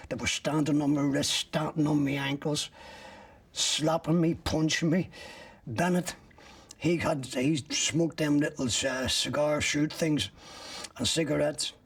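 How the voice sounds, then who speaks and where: A man's voice: on the high side, steady tone, unhurried, vocal fry, far from the mic. An older man, recounting a personal ordeal as an interviewee in blunt, graphic words with swearing.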